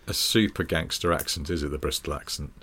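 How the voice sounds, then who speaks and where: A man's voice: rumbling low, a little fast, a bit bright, husky. A man co-hosting a podcast, chatting casually with wry, dry remarks and questions. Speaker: podcast co-host. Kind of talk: casual chat.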